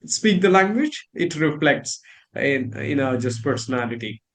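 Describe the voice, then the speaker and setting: A man from India with an Indian English accent, co-hosting a relaxed, thoughtful conversation about English pronunciation and repeating words to show how they sound. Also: mid-range voice, unhurried.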